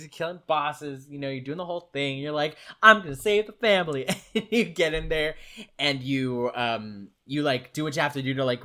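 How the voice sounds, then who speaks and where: A man co-hosting a casual podcast, a lively storyteller who laughs as he recaps scenes. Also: mid-range voice. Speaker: podcast co-host.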